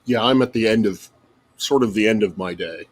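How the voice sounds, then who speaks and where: Husky voice, mid pitch, casual chat guest, dry wry asides. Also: a little fast.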